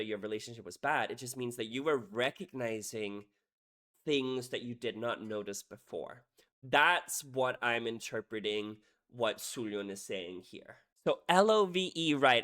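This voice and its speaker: A man reacting to a song, talking through its lyrics in an animated, emotional way and often checking in with "right?". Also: medium pitch. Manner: animated, says "right?" often, swings between loud and hushed. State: emotional, head hurting. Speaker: music reaction creator.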